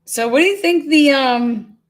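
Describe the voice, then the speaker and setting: A woman's voice: sits high, unhurried. A woman hosting a casual livestream, calling bingo games and reading viewer comments aloud with frequent laughter. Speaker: livestream host.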